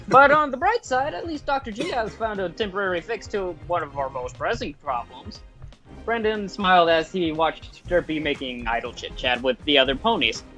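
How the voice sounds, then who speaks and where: A role-play player reading a written post aloud, expressive with small restarts. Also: medium pitch, moderate pace, faint music behind.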